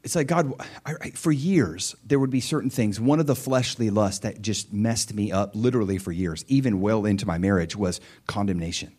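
A man preaching a sermon, telling a personal story with lively swings between quiet muttering and loud, high cries. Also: normal speed, few pauses, breathy edge.

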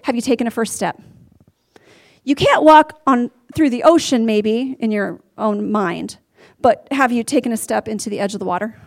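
High-voiced woman preaching with fervor. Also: moderate pace. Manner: animated, earnest, talks straight to the listeners. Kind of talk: sermon.

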